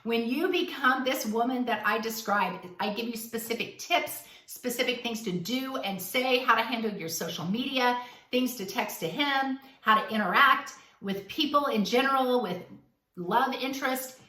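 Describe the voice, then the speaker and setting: A woman's voice: on the high side, normal speed, sharp tone, reverberant, distant mic. Woman host, dating advice talk, emphatic and direct, recorded a little off-mic. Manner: blunt, emphatic, acts out quoted dialogue.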